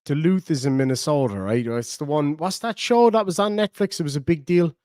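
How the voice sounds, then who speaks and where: Here a middle-aged man from Ireland runs a livestream, joking around and rambling as he goes through viewer comments in a chatty manner. He talks fairly quickly in a fairly high, expressive, slightly mellow voice, recorded in studio quality with no room sound.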